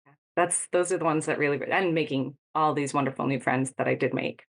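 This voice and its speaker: Woman guest, low voice, reflective casual telling with light laughs. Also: a little fast, gravelly. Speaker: guest, retreat attendee. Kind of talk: casual interview chat.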